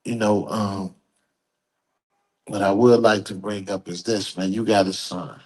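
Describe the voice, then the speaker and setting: A man interviewing a guest, asking questions in a soft-spoken, hesitant way. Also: on the low side, fairly even intonation, unhurried, low-quality recording.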